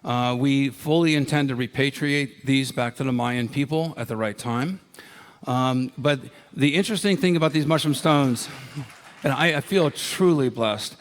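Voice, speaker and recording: Man in his sixties from Ohio, conference speaker, chatty anecdotal storyteller, mid-pitched. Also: normal speed. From Ohio, United States. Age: 60s. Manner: anecdotal, enthusiastic, with many fillers. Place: conference ballroom.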